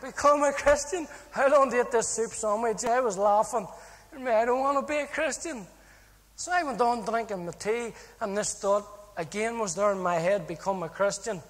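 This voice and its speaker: Brief: Irish man, high voice, comic testimony storytelling in a reverberant hall. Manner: jokey, punchline-driven, animated. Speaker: speaker giving a testimony.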